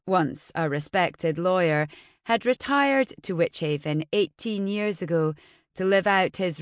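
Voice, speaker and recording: A woman reading a novel aloud as an audiobook narrator, in a measured, somber way. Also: on the low side, no room sound, clean studio sound. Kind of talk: scripted narration.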